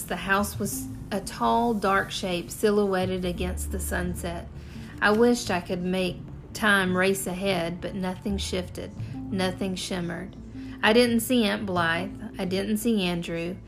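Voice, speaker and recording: Woman narrating an audiobook. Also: medium pitch.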